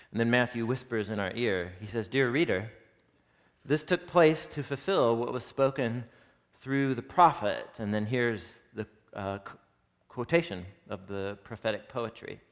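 A Bible teacher leads an interactive session with a live group, reading passages aloud, explaining them, and asking the audience questions. He is animated but unhurried, his mid-range voice carrying the long reverb of a hall.

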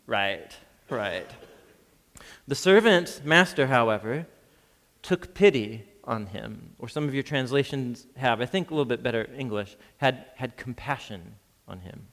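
A man preaching a sermon as a pastor, lively and chuckling, acting out the voices in the scripture reading. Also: medium pitch, a little slow, in a large hall. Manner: lively, reads scripture with acted voices, laughs often.

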